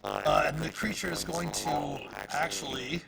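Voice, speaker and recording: A man running a live tabletop game as dungeon master, halting and full of fillers. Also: on the high side, huge pitch swings, vocal fry, over a noisy crowd.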